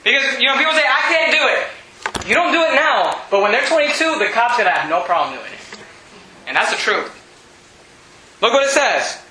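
A man preaching a sermon, emphatic and repetitive, often shouting. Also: extremely high pitch, lively intonation, fairly quick, long pauses, echoey room, a little hiss or hum, rough recording.

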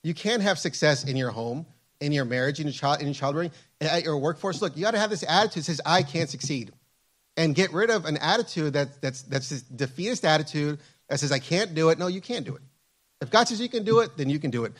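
Casting: male preacher, fairly high voice, fervent sermon delivery with repeated phrases. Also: lively intonation, fast, a bit bright.

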